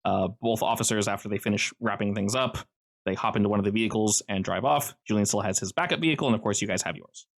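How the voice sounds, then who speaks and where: A man's voice: on the low side, quick pace, gravelly. A man narrating as game master, casual and loose, with lots of fillers.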